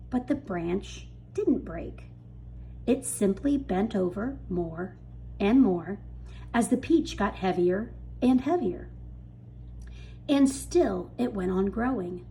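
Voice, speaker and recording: Brief: woman reader, unhurried, animated pitch, bedtime-story delivery. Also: creaky, slight background noise. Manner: lively, expressive storytelling. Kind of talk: reading a children's book aloud.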